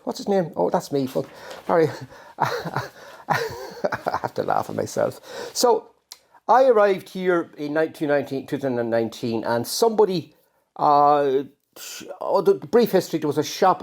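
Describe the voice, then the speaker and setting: A man's voice: on the high side, gravelly, darkish tone. An Irish man reading his own poems outdoors, with rambling, self-mocking asides about his life. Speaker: poet reading his work. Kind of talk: poetry reading and personal storytelling. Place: outdoors on a farm.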